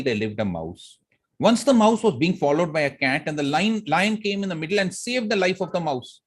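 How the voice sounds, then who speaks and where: A man teaching public speaking who asks the class frequent questions. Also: mid-range voice. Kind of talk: classroom lesson on voice modulation.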